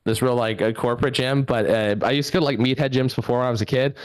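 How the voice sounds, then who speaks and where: A man's voice: mid-range voice, steady tone, quick pace, clear, resonant tone, no echo. A man in his thirties from southwestern Pennsylvania doing a rambling, self-deprecating stand-up set into his laptop. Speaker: stand-up comedian.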